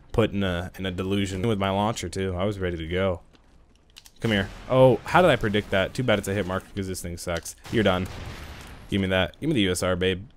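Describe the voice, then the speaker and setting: A young man giving excitable live commentary on a shooter game into a headset, trash-talking and breaking into sudden yells. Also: lowish voice. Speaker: gaming channel host.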